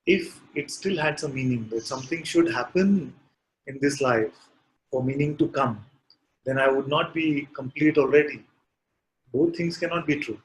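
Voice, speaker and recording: A man as spiritual teacher, speaking calmly in a satsang dialogue and asking probing questions. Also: medium pitch, a little hiss or hum, rough recording. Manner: calm, unhurried, asks probing questions.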